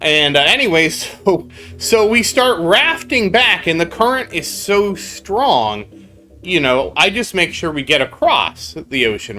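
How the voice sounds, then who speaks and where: A man streaming a game and telling a long rambling story, stopping now and then to answer his chat. His voice is bright and sits a little high for a man. Soft music plays behind him. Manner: rambling storytelling, chatting with viewers mid-story. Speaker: gaming streamer. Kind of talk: casual live-stream chat.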